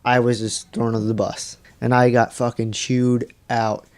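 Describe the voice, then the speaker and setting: A man's voice: mid-range voice, moderate pace. A man co-hosting a casual podcast, telling a story with lots of swearing and acted-out dialogue. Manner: animated storyteller, swears freely. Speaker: podcast co-host. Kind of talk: casual chat.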